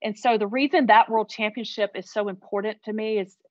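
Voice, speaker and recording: A woman telling a heartfelt personal story as an interview guest, earnest and animated. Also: mid-range voice, fairly quick, no room sound, muffled recording.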